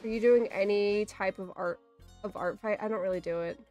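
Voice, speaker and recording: A woman's voice: mid-range voice, steady tone, a little fast, warm tone, soft background music. A woman livestreaming in casual, rambling chat, swearing easily and saying "like" a lot.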